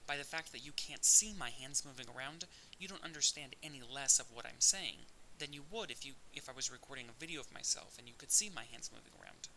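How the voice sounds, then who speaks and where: A man talks through a recorded audio lecture in a clear, explanatory way and now and then restarts a phrase. His voice is very bright. A faint hiss sits under the recording. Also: mid-range voice, quick pace, hardly any pauses, rough recording. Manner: explanatory, with occasional fillers and restarts. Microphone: audio-only recording.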